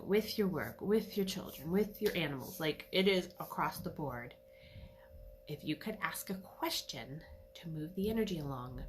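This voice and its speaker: Chatty low-voiced woman talking to camera. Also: slight background noise. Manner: chatty, animated, laughs between phrases. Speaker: animal communicator. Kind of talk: casual solo talk to camera.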